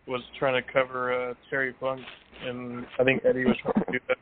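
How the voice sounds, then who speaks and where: Halting man on a hissy phone line. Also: mid-range voice, completely flat delivery. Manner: halting, searching for words. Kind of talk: casual chat. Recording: phone-like line with faint hiss.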